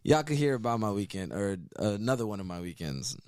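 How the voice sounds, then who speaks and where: A man co-hosts a podcast in easy, teasing banter. His voice sits fairly low. The mic is close and dry, with no room sound. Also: very animated, fairly quick, darkish tone, clean tone, dry recording. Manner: laid-back, teasing banter. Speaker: podcast co-host. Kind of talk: casual chat.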